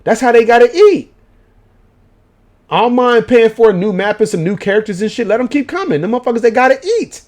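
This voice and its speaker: A man's voice: extremely high pitch, fairly quick. A man, giving a profane late-night rant as a gaming vlogger. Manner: profane, animated ranting in slang.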